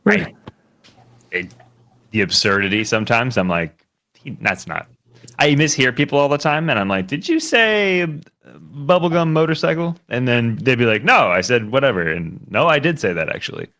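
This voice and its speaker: A man's voice: medium pitch, animated, moderate pace, pushed and bright. A man playing in a tabletop game, chatting with a playful, giggly manner. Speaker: player. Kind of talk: casual chat.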